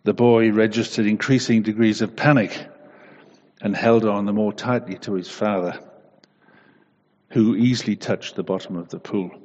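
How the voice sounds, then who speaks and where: A man giving a devotional talk with an illustrative story, then a soft, gentle prayer. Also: fairly low pitch. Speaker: preacher. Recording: muffled echoey hall.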